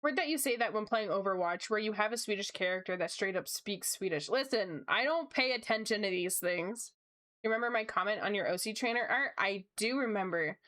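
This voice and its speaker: A young woman chatting casually as she draws on a livestream, bubbly and gushing with quick asides. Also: medium pitch, fairly bright tone. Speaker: streamer. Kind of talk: casual chat while drawing.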